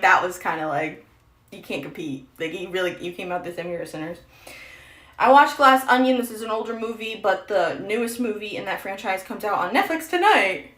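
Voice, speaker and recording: Young female streamer, chatty and self-mocking, middle pitch, roomy echo. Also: moderate pace, fairly bright tone. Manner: chatty, rambling, self-deprecating. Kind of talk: casual get-ready-with-me stream chat.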